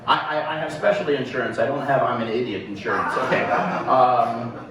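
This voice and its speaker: A man running a sideshow act in a live venue, cracking self-deprecating jokes at a volunteer as he works. His voice sits a little back from the mic and rings around a very echoey room. A steady noise hangs behind him. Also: mid-range voice, normal speed, far from the mic. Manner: joking, self-deprecating, rambling patter. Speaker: sideshow performer. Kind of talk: live stage patter with a volunteer. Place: live show venue with audience.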